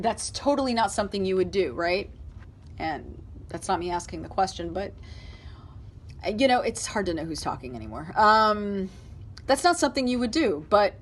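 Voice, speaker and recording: A woman's voice: medium pitch, slight background noise. Emphatic woman giving a tarot reading. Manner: emphatic, repeats herself, talks to spirit aloud. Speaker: tarot reader. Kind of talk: casual tarot reading to camera.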